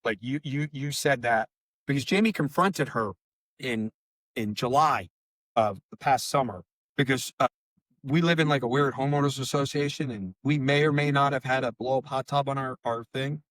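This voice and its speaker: A man's voice: medium pitch, moderate pace, a bit bright, dry recording. A middle-aged man, a bereaved father, telling stories in an emotional interview; he talks in a rambling, heated, profane way. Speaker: bereaved father and podcast guest.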